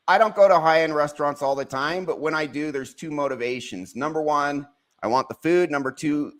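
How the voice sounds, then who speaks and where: A man's voice: mid-range voice, fairly bright tone. A man hosting a podcast in casual chat, candid and playful, rambling with fillers. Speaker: podcast host.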